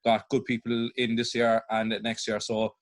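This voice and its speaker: A man's voice: lowish voice, completely flat delivery, moderate pace, dry recording. A young man with a Cork Irish accent thanking the host in an informal, teasing way. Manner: informal, teasing, uses the local "boy". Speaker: students' union officer. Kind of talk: casual thanks on a video call.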